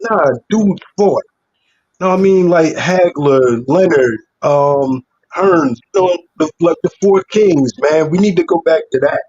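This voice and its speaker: A man's voice: a little high, lively intonation, a little slow, darkish tone, highs cut off, slight background noise. A man, a regular guest on the show, talking about boxing in an easygoing, slangy way. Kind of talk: casual call-in chat.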